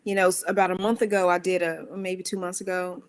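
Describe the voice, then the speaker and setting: A woman's voice: fast, smooth. A woman giving a spiritual motivational talk in a conversational, emphatic way, with rhetorical questions and playful voices for her own inner thoughts. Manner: animated, acts out her own inner voices with squeaky high bits. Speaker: speaker of a worship center.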